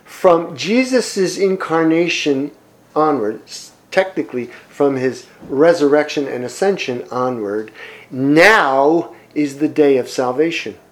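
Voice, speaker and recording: A man preaching a sermon, reading scripture aloud and commenting on it, with emphatic swings between loud and soft. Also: a little high, expressive, low-quality recording. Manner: slow, emphatic preaching with wide swings in loudness. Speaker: pastor.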